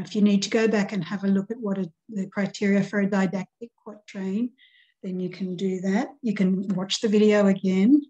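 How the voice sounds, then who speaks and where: A woman teacher giving a recorded grammar lesson, reading example poems aloud and counting out syllables deliberately. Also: medium pitch, darkish tone, poor audio.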